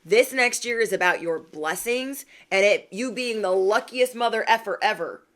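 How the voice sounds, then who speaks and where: A woman's voice: mid-range voice, moderate pace, a bit bright. Sassy woman hosting a pep-talk livestream. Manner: sassy, slangy, laughs often, addresses viewers as bestie. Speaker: spiritual reader and livestream host.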